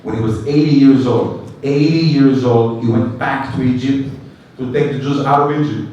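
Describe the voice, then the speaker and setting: Rabbi in an echoey hall. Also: male voice, mid-range voice, normal speed, lo-fi sound. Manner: animated storyteller, acts out dialogue, non-native English phrasing. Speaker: rabbi giving a weekly class. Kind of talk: storytelling Torah class. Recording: echoey room recorded from a distance.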